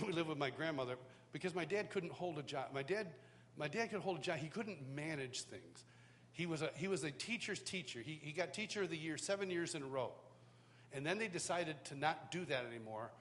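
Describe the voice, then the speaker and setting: An expressive, fairly quick-talking American man, voice on the high side and a bit bright, delivers his personal testimony as a worship teacher. His storytelling at the live worship school is conversational, with lots of restarts. A large hall's long reverb and a faint hum color the recording.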